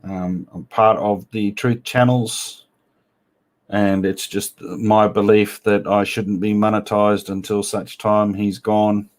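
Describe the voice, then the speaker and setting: Blunt man, low voice. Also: flat delivery, slow pace. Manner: blunt, teasing banter with slang. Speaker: livestream host. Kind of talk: casual live chat, reading viewer comments aloud.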